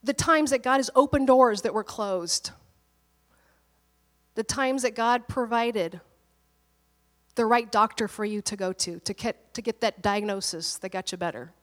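A woman pastor preaching in a relaxed, talkative manner, with a fairly high voice. She tells stories and laughs easily between points. Her voice rings out with the long reverb of a big hall. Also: unhurried, long pauses. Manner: chatty storytelling, laughs often. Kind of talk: conversational sermon.

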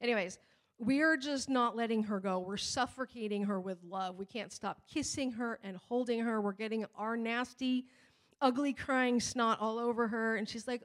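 A woman pastor preaching in a conversational, animated way, retelling a family story and scripture with acted-out quotes. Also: a little high, moderate pace. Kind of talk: sermon with personal storytelling.

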